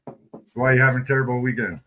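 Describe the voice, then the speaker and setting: Bright-voiced laid-back podcast man. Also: medium pitch, fairly even intonation, rapid-fire. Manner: laid-back, rambling, casual cursing. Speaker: podcast co-host. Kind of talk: casual chat.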